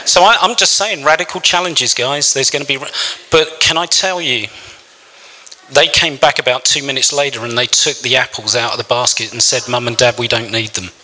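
A man's voice: mid-range voice, brisk, bright, forceful tone, big-room sound, rough recording. A man preaching a sermon, telling a personal story in an earnest, emotional way. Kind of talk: sermon testimony.

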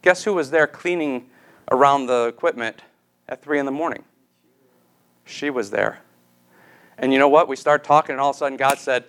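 A man's voice: mid-range voice, fairly quick, a bit bright, clean tone. Earnest man preaching a sermon. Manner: earnest, storytelling, pleading. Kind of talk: sermon with prayer.

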